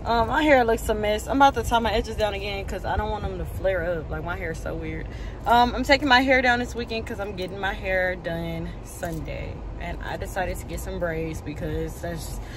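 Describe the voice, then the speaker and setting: A nursing student from Houston, Texas, in her 20s, chats casually to her phone camera in a rambling vlog, calling her viewers "y'all." She films in a car and walking around campus, her mid-range voice brisk against a noisy background.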